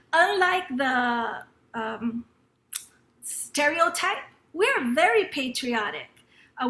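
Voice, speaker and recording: Woman, middle-aged, from Los Angeles, high voice, conversational storytelling, fillers and restarts, echoey room. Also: a bit bright. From Los Angeles, United States. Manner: acts out her teacher's lines in quotes. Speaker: panel speaker at an educators' summer institute. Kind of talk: personal storytelling talk.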